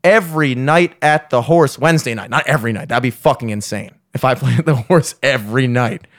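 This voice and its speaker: A man's voice: mid-range voice, fairly quick, no echo, studio quality. A young man, a podcast host plugging his gigs in profane, joking, rambling banter. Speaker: podcast host and gigging musician.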